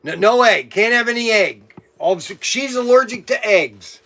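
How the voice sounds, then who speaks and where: High-voiced man grumbling through a rambling story. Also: lively intonation, moderate pace, bright, forceful tone. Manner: meandering storyteller, grumbling asides. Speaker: hobby channel host. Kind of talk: casual rambling monologue to camera.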